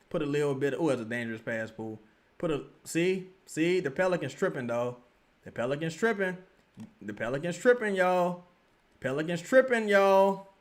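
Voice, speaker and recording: Brief: New man, livestream host, somewhat high voice, rowdy slangy game commentary. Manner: excitable, yells at the team, slangy trash talk. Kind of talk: live game watch-along commentary.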